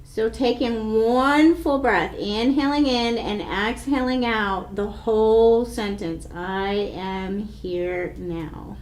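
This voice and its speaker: Woman yoga teacher, unhurried calm guidance, roomy echo, faint background hum. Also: mid-range voice. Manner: slow, calm, soothing guidance. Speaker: yoga instructor. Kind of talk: guided yoga class instruction.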